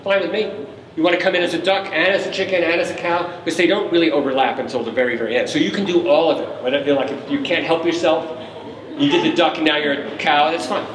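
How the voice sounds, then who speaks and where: In a large concert hall, a man leads a family concert, playfully coaching the audience to make animal sounds on cue and imitating them himself. His fairly high, steady, slightly bright voice moves fast, recorded from far off in the echoey hall with slight background noise.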